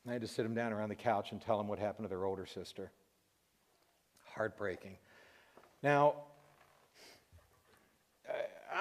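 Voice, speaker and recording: Middle-aged man, heartfelt testimony, voice cracking with emotion, halting delivery. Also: lowish voice. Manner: emotional, voice breaking, pausing and restarting. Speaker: Christian radio host telling a personal story.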